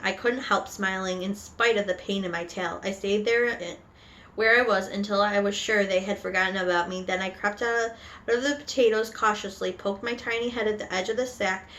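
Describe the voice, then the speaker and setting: A woman reading a children's book aloud with animated storytelling and occasional slips. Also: medium pitch. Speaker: reader.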